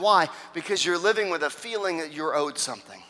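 A pastor preaching with a high, forceful and bright voice, hammering on repeated phrases and dropping from loud to hushed. He is heard in a church sanctuary with a long hall reverb trailing behind his words. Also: animated, a little fast, few pauses. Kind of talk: sermon.

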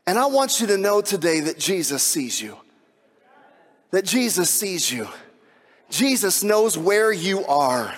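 A man preaching a sermon with emphatic delivery, swinging from hushed, intimate passages to shouted climaxes. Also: high-pitched, very animated, a little slow, pauses often, big-room sound. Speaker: pastor.

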